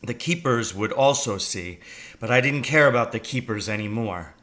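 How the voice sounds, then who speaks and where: A man reads a children's novel aloud, storytelling slowly and deliberately. His bright voice has a middle-range pitch and lively intonation.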